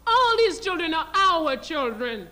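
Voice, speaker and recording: An older woman lecturing in an animated, emphatic storytelling style. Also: very high voice, measured pace. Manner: animated, emphatic, acts out quoted dialogue.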